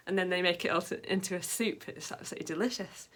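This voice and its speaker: A woman's voice: lowish voice, quick pace, hardly any pauses, fairly bright tone. A woman vlogging in a casual, rambling way, full of fillers and side tangents. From Britain. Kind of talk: casual chat to camera.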